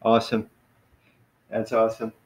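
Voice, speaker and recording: A man teaching a casual online beginner class, relaxed and friendly, often saying "man" and "you know.". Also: on the low side, moderate pace, echoey room, low-quality recording.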